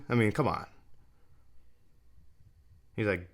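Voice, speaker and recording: A man with a fairly low voice hosts a fan sports channel and talks through game replays. He sounds exasperated and repeats himself, and his voice leaps upward whenever he can't believe what he's seeing. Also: moderate pace, long pauses, pushed and bright. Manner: exasperated and repetitive, pitch swinging up in disbelief.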